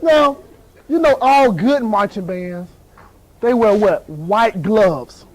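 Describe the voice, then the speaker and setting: High-voiced man telling an animated story. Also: slow pace, poor audio. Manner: animated storytelling, acts out voices and sound effects. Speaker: motivational speaker. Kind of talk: motivational speech to students. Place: school assembly.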